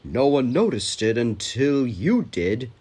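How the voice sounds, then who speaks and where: A man voicing a proud, pompous big male express engine who booms and chortles. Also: very animated, slow pace, darkish tone, slightly rough, exaggerated voice. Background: music.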